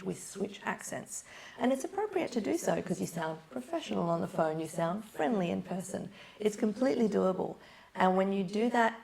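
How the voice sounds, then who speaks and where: A woman, a public speaking coach, talking in an animated way as a podcast guest and acting out examples. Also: mid-range voice, vocal fry. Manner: animated, acts out examples in different voices. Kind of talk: podcast conversation.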